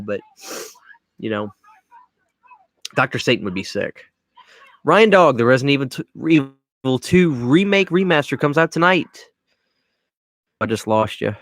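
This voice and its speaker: A man's voice: medium pitch, no room sound, studio quality. Laid-back Cajun guy reading chat. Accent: Louisiana Cajun. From Louisiana. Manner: relaxed, rambling, reads chat names aloud. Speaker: livestream host answering chat. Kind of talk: casual live Q&A chat.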